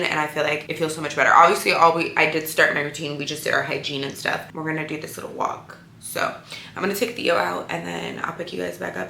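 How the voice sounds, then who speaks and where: Her voice sits low, creaky yet pushed and bright, as this worn-out vlogger chats openly and talkatively to camera. Roomy echo and faint background noise come through on the recording.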